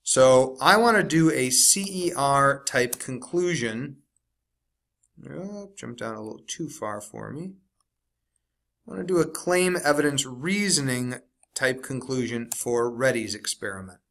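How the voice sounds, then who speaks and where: Bright-voiced male teacher explaining slowly. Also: medium pitch, lively intonation, vocal fry. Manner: explains step by step, slows to stress key words. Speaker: science teacher. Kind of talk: recorded classroom lesson walkthrough.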